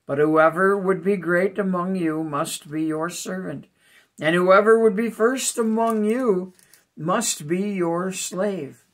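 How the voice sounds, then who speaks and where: A male pastor reading a Bible chapter aloud with short spoken comments, unhurried, with small hesitations between thoughts and rising emphasis on the quoted lines. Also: sits high. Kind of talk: scripture reading with brief commentary.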